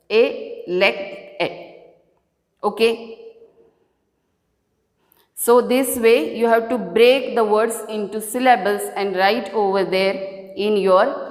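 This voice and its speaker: A woman with an Indian English accent teaching a grammar lesson to students, drawing out each word slowly as she splits it. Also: mid-range voice. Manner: slow, drawn-out spelling of words. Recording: echoey room with long reverb.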